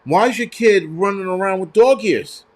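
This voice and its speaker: A man's voice: sits high, moderate pace. A man hosting a show, ranting heatedly with lots of swearing and stumbling restarts. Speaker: host. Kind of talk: profane ranting commentary.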